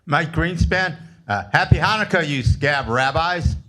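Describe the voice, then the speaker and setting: Man, mocking public commenter, crude sarcasm, slightly high pitch. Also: animated, unhurried, pushed and bright. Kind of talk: public comment at a council meeting. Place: city council chamber.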